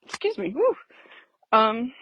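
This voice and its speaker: A woman's voice: fairly high pitch, sing-song, takes it slowly, husky, no room sound, lo-fi sound. A woman talking casually while walking up a hill outdoors, out of breath, rambling and laughing often as she thinks aloud. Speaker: vlogger. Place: outdoors on a street.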